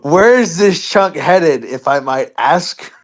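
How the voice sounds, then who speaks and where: A woman talking slowly as a player at a tabletop game. She sounds hesitant, with lots of fillers and frequent laughter. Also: sits low, expressive. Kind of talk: casual tabletop game chat.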